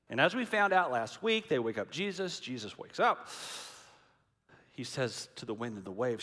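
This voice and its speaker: A man's voice: medium pitch, sing-song, normal speed, a bit bright. A man preaching a sermon in a dramatic, emphatic way, repeating key lines for weight. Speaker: pastor. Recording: long hall reverb.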